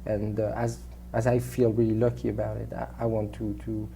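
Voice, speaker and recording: A man with a French accent answering interview questions in a halting way, repeating words and filling pauses with "uh". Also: lowish voice, monotone, creaky, warm tone, slight background noise. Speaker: film actor being interviewed.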